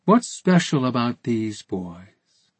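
Storybook villain, mocking and sarcastic, read by a man, husky voice pitched up. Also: very animated, slow, no echo, exaggerated voice. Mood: taunting. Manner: taunting and sarcastic. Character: menacing, mocking male interrogator.

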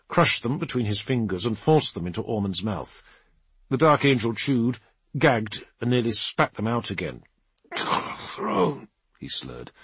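A man narrating an action audiobook in a dramatic, lively reading. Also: lowish voice, breathy edge, no echo. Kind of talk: scripted narration.

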